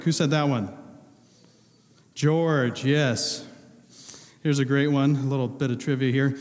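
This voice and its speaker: The pastor's medium-pitched, slightly mellow voice stays fairly even as he speaks a little slowly, with long pauses. He is joking with his congregation and testing them on movie quotes from the pulpit. The large church hall adds a long reverb.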